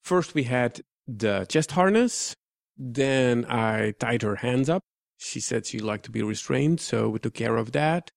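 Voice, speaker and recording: A man's voice: medium pitch, expressive, measured pace, vocal fry, no room sound. A man co-hosting a podcast in casual chat, dry and matter-of-fact with a playful edge. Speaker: podcast co-host.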